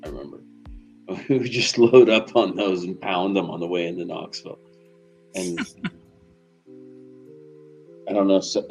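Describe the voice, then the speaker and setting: A middle-aged Tennessee man who streams while doing deliveries chats casually from behind the wheel, spinning rambling, profane stories. His voice sits low with a darkish tone, and the audio quality is poor.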